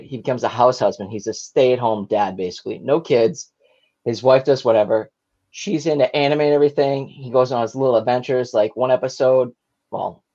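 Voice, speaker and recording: A slightly tipsy man co-hosting a podcast over a video call, excitedly rambling through plot summaries in casual chat. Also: mid-range voice, highs cut off. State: a little tipsy. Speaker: podcast co-host.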